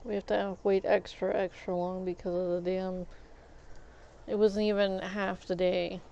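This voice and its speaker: A woman's voice: mid-range voice, little pitch movement, unhurried, gravelly, mellow, muffled recording, a little hiss or hum. A woman streamer giving casual gameplay commentary, venting in exasperation and restarting her words as she talks. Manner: exasperated venting, stammering restarts, mild swearing.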